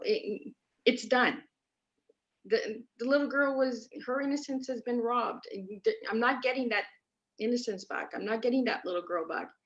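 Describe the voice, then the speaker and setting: A woman from Canada, a podcast guest, telling her personal story in an earnest, emphatic way and repeating herself for stress over a remote call. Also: medium pitch. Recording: dull lo-fi remote audio.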